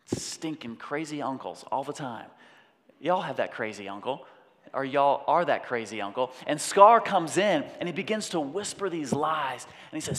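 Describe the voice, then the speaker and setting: A man preaching a sermon in an animated way, breaking off to act out voices. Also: mid-range voice, moderate pace. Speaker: pastor. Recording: long hall reverb.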